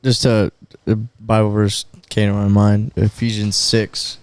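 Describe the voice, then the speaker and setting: Smooth-voiced man talking faith. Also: on the low side, flat delivery, a little slow. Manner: restarts often, quotes Bible verses. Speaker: podcast co-host. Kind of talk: casual faith talk.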